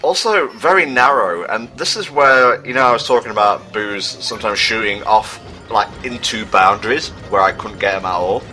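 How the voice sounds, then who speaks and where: Dry, pedantic man, bright voice. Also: on the low side, normal speed, hardly any pauses. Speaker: let's play co-host. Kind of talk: casual gameplay commentary. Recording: faint game music behind.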